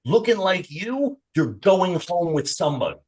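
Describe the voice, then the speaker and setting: A podcast co-host chats casually in a high-pitched male voice at a moderate pace. He's animated, swears heavily, and keeps slipping into mock voices.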